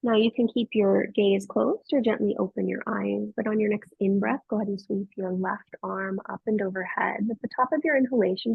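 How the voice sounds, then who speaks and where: A woman yoga teacher guiding a class, giving slow, soothing cues paced to the breath. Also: medium pitch, gravelly, breathy edge, no room sound, phone-quality sound. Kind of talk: guided yoga class instruction.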